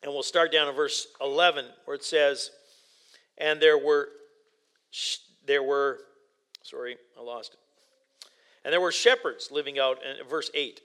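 A man preaching a sermon, reading scripture and explaining it in an animated, excitable way, with frequent restarts and sudden loud exclamations. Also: a little high, unhurried, pauses often.

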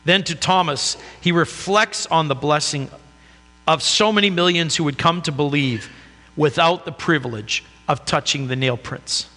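A man's voice: on the high side, normal speed, bright, forceful tone, long reverb tail. A man preaching a sermon as a pastor, in an earnest, conversational way.

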